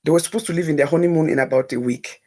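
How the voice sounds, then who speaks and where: Speaking very quickly in a low voice, a woman on a talk show relates a personal, emotional story. She is animated throughout and repeats phrases for emphasis.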